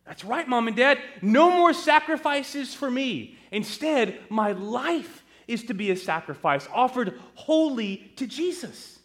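A man's voice: on the high side, big pitch swings, a little slow. A man voicing a young Roman son newly turned Christian, speaking eagerly to his parents. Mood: fervent. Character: young male Roman convert, eager and fervent.

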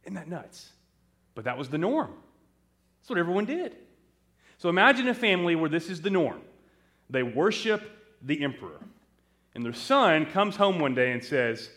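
Animated man preaching a sermon. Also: a little high, normal speed, long pauses. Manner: animated storytelling, calls to the congregation. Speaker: pastor.

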